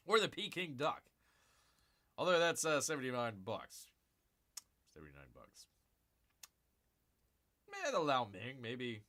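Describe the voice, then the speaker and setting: A man hosting a casual live stream, talking to his viewers in a loose, rambling way. His voice is bright and forward, and it jumps up and down in pitch a lot. It sits a little higher than most men's. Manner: chatty, rambling, talks to viewers as "people", calls himself Bear. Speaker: livestream host.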